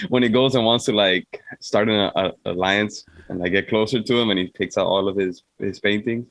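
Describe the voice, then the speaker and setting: A man's voice: normal speed, a bit bright, no echo, rough recording. A man co-hosting a podcast, joking casually about a movie's characters. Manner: joking, mimics characters in a high voice. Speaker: podcast co-host. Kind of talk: casual movie review chat.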